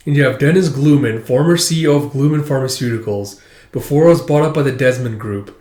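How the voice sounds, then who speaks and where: A man's voice: mid-range voice, a little fast, darkish tone. A man casually reading through a comic chapter aloud, rambling and swearing as he narrates. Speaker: comic reader and commentator. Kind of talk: casual read-through commentary. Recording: echoey room.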